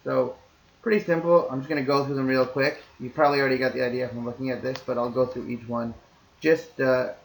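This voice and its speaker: A man's voice: mid-range voice, flat delivery, fast talker, creaky, echoey room, low-quality recording. A man teaching, explaining to parents in a recorded lesson in an easygoing, reassuring way, talking things through step by step.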